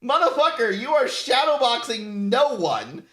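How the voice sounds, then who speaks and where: A man's voice: extremely high pitch, animated, moderate pace, few pauses, sharp tone. A male streamer ranting in casual commentary while painting miniatures, swearing constantly, laughing often and mocking others in quoted voices. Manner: profane, laughing often, mock-quoting others.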